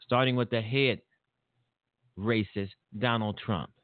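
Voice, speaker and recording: A man's voice: fairly low pitch, steady tone, slow, no echo. A man hosting a talk show, giving a blunt, rambling political monologue full of fillers and repeats. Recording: tinny phone-like line.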